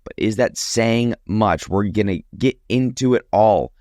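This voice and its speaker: A hoarse man hosting a casual sports podcast, talking loosely with many ums and uhs. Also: fairly low pitch, a little slow, darkish tone, dry recording, clean studio sound. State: hoarse from a sore throat. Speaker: podcast host.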